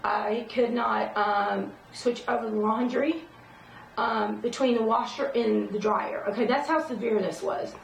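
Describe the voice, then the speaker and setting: A middle-aged woman with a gravelly, fairly high voice talks rambling and emphatic in a casual vlog, often asking "okay?". She sits some way from the mic in a roomy space, with faint ambience behind her. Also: steady tone, unhurried, a little hiss or hum. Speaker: vlogger. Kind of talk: casual personal talk to camera. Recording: roomy echo, distant from the mic.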